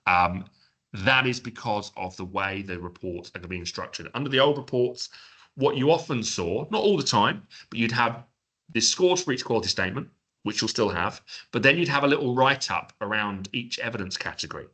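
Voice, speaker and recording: A man giving a webinar presentation, explaining in an informal, chatty way with joking asides and quick self-corrections. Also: medium pitch, lively intonation, pushed and bright, slightly rough.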